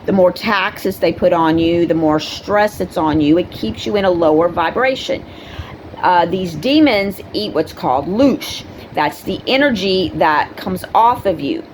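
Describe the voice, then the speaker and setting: A middle-aged woman with a lowish voice talks to the camera in an earnest, rambling way, full of "um" and "you know". A faint hiss of noise sits under her voice. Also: animated, a little slow, rough recording. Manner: earnest, conversational, many fillers; acts out quoted people in a high voice. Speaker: spiritual video host. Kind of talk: casual spoken monologue to camera.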